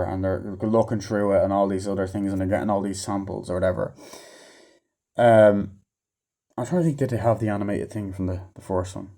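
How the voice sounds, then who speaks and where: A man's voice: on the low side, dark tone. A man rambling through a casual, profane movie review, with offhand asides and many fillers.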